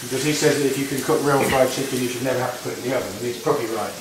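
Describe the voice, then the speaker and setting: Casting note: chatty home cook, mid-pitched, roomy kitchen, mic a bit distant. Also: male voice, fairly even intonation, rapid-fire, noisy background. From England. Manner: chatty, rambling, with frequent restarts. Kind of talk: casual cooking demonstration. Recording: echoey kitchen, distant mic, frying sizzle.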